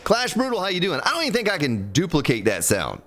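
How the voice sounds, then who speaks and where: A man's voice: fairly high pitch, wildly swooping pitch, fast talker, fairly bright tone, a little hiss or hum. A man giving folksy, joking commentary while streaming a survival game, chatting with viewers by name. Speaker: let's play streamer. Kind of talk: casual gameplay commentary. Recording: game music behind the voice.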